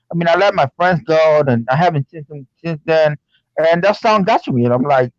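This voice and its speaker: A man's voice: a little high, a little fast, no echo. A man chatting casually as a guest, rambling and padding his talk with fillers. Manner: rambling, many fillers like "you know what I'm saying". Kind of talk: casual chat. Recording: dull muffled dry remote audio.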